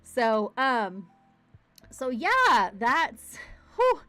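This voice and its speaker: Streaming casually from home, a woman rambles bubbly and straight to camera in a high, bright, forceful voice. Her pitch swoops wildly and she draws out her words, with no echo and faint music in the background.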